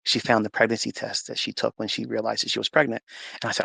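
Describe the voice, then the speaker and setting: A man sharing a personal testimony speaks at home into a phone for a live audio chat, telling an emotional faith story earnestly and emphatically while acting out the dialogue. His lowish voice is level, quick, creaky, pushed and bright, slightly rough, with no room sound.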